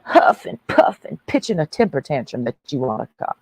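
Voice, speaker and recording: A woman's voice: very deep voice, big pitch swings, normal speed, hardly any pauses, darkish tone, slightly rough, dry recording, rough recording. A woman ranting on a livestream in a brash, mocking, preachy way.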